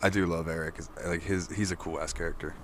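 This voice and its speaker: Low-voiced relaxed podcast guy. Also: fast, a little hiss or hum. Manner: relaxed, profane, hesitant with ums. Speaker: podcast co-host. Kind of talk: casual gaming podcast chat.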